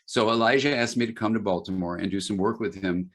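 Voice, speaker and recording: A man's voice: fairly low pitch, fast talker. A middle-aged man, an author speaking as a guest in a webinar conversation, telling stories with frequent restarts and fillers. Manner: storytelling, many restarts and fillers.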